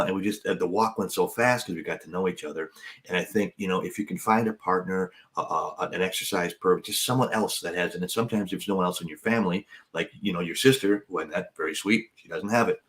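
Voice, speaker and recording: Low-voiced joking man telling a story. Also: fast. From United States. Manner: jokey, self-deprecating, acts out other people's lines. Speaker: podcast co-host, comedian. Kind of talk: casual storytelling chat.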